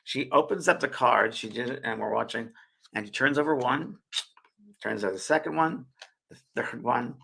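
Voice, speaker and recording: Middle-aged guy hosting a spiritual live stream, gravelly and kinda husky, chatty, gets teary. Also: medium pitch, normal speed, bright, forceful tone, rough recording. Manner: chatty storyteller, gets emotional and tearful. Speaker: spiritual medium and show host. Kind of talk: casual live-stream talk.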